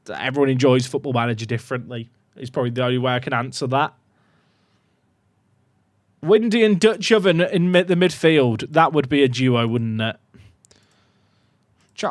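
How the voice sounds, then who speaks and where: Excitable man with a lively voice. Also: mid-range voice, no room sound. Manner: excitable, swings from muttering to shouting. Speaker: gaming YouTuber. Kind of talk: casual gameplay commentary to live chat.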